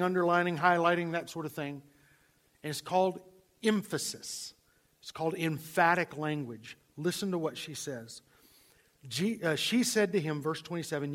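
A male pastor preaching a sermon, swinging from loud emphasis to hushed, near-whispered lines. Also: sits high.

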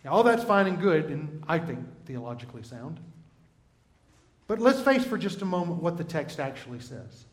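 Man, pastor, sermon, high voice, conversational asides, roomy echo. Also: very animated, moderate pace. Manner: conversational preaching with asides to the congregation.

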